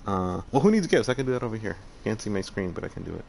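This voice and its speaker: A man's voice: fairly low pitch, lively intonation, racing, gravelly, darkish tone, a little hiss or hum. A man live-streaming a game, chatting casually with viewers, swearing freely and talking to himself as he plays. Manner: chatty, profane, talks to chat while playing. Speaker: streamer playing a game and reading chat.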